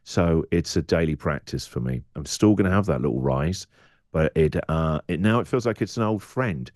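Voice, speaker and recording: A man's voice: extremely low pitch, expressive, normal speed, darkish tone, no room sound, clean studio sound. A middle-aged English radio presenter speaking candidly as a podcast guest, acting out his inner voice in quoted asides.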